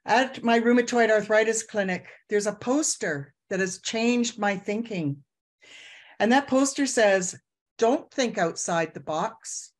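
An older woman in her sixties from Canada speaks at an unhurried, measured pace. She gently guides listeners through slow breaths and reflective closing words. Her voice sits at an ordinary pitch and comes through a video call. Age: 60s. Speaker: elder giving closing words.

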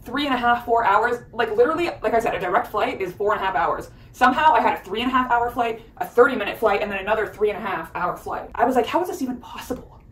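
A young woman vlogger rambling through an animated storytime while unpacking at home. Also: on the high side, quick pace, few pauses, far from the mic. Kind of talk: casual storytime vlog. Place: at home unpacking, echoey room. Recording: roomy echo, voice a bit off-mic.

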